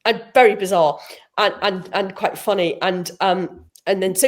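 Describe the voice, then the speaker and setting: A middle-aged woman, an author, chatting as a guest and telling animated stories, acting out the people she quotes. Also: mid-range voice, normal speed. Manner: animated storyteller, acts out quotes, frequent laughs. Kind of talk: casual chat.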